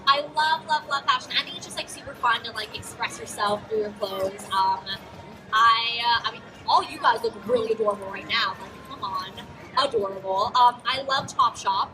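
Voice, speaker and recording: A bubbly teenage girl answers a host's questions on a live stage, her fairly high voice full of ums and little giggles. She sounds distant from the microphone. Loud music keeps playing underneath her. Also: moderate pace. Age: teens. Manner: bubbly, giggly, many fillers. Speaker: guest actress. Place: auto show stage with a crowd.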